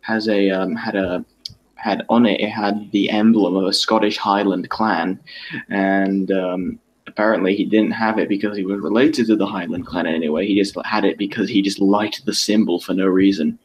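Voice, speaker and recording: A man's voice: sits low, steady tone, moderate pace, muffled recording, a little hiss or hum. A man chatting casually on a stream, rambling with many restarts as he tells stories. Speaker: podcast co-host. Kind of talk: casual chat.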